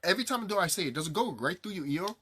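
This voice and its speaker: A man's voice: high-pitched, lively intonation, very fast, pushed and bright, husky. A man vlogging to camera in a rambling, profane monologue, repeating himself and ranting, his sinuses stuffed up.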